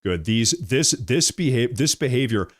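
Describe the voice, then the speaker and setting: A man's voice: mid-range voice, animated, unhurried. A man hosting political commentary, ranting heatedly and firing off repeated rhetorical questions.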